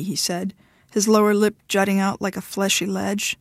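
A woman reads a novel aloud in an even, steady storytelling voice. Her pitch is middling. The recording is dry and close, with no room sound. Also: normal speed, dry recording. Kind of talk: audiobook narration.

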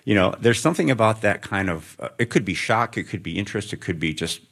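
A middle-aged man with a very low voice, speaking as an author in a live interview on stage. He muses thoughtfully and rambles, often restarting his sentences. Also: expressive, quick pace, vocal fry, a bit bright. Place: stage before student audience.

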